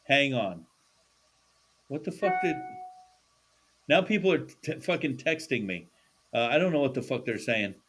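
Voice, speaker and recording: A man's voice: mid-range voice, lively intonation, moderate pace, pauses often, a bit bright, a little hiss or hum. Laid-back, foul-mouthed male podcast host. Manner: laid-back, swears freely, laughs often. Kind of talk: casual chat. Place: studio.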